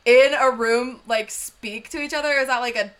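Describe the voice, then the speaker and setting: High bright playful woman. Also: moderate pace, smooth. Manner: laughing, playful, rambling. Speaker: podcast co-host. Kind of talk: casual film discussion.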